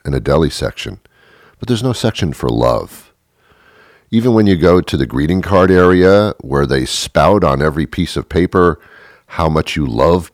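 A man's voice: a bass voice, no room sound, clean studio sound. A man delivering a sardonic, grumbling comic monologue about everyday annoyances. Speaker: comedian.

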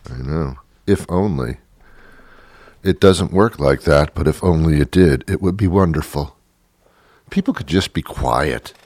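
A man's voice: sits low, dry recording, studio quality. An older man hosting a radio show, rambling in a grumpy, sarcastic monologue.

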